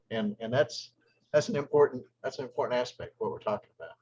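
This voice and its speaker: A man leading a group discussion, telling a long story in a halting way, with many restarts. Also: mid-range voice, a little mellow, highs cut off, slight background noise.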